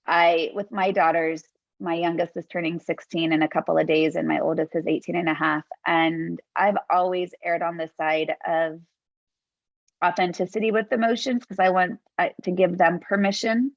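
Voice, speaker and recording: A woman's voice: lowish voice, fairly even intonation, moderate pace, gravelly, no room sound. Reflective woman host, dull dry sound. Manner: open, reflective, earnest storytelling. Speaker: podcast host. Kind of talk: conversational interview. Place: home office.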